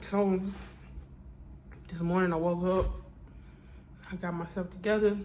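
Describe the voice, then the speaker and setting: A woman's voice: lowish voice, flat delivery, measured pace, a little mellow, slight background noise, rough recording. A woman speaking straight to her viewers in an emotional confessional vlog. She sounds tearful and talks in a prayerful, testifying way, repeating her lines over and over. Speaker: vlogger.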